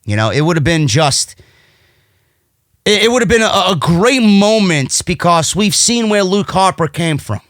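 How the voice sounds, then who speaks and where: A man with a New York accent reviewing a wrestling show in casual, blunt commentary, swearing freely as he gets excited. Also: high voice, unhurried, no room sound, studio quality.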